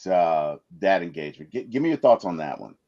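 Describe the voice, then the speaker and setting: A man's voice: low voice, fairly quick, highs cut off. A man co-hosting a casual movie review chat, leading the talk with questions and plenty of fillers. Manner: animated, prompting questions, many fillers. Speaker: co-host of a movie review podcast.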